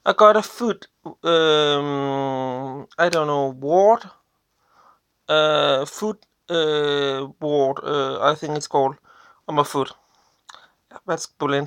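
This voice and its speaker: A vlogger from Denmark with a Danish accent, telling personal stories in a halting way, often searching for English words, blunt and complaining. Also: mid-range voice, a bit bright, clear, resonant tone, dry recording. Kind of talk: casual personal storytelling to camera.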